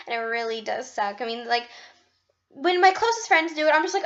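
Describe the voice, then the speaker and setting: A woman's voice: sits high, animated, fast, fairly bright tone, muffled recording. A young woman in a casual vlog monologue, bubbly and rambling, poking fun at herself. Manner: bubbly, rambling, self-deprecating. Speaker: vlogger.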